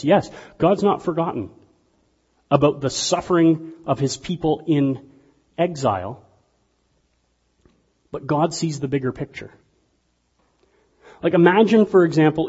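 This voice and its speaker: Preacher with a husky voice in an echoing hall. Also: male voice, a little high. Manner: animated, conversational preaching with sudden bursts of volume. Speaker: pastor. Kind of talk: sermon. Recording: dull lo-fi sound with long hall reverb.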